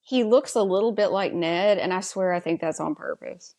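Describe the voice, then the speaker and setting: A woman's voice: lowish voice, normal speed, darkish tone. A woman co-hosting a podcast, chatting casually and with strong opinions as she recaps a TV episode and asks her co-host's views. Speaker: podcast co-host.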